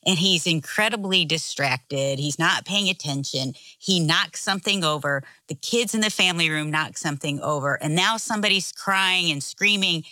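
A middle-aged woman tells a story in a casual chat, her voice bright and lively while sitting slightly low in pitch. She laughs often as she talks. The recording is dry and close. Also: no echo. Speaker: co-host.

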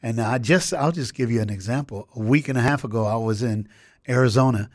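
Recorded dry in a radio studio, an American man with a mid-range voice speaks as a motivational speaker. He tells his stories quickly and forcefully, voicing the quotes himself.

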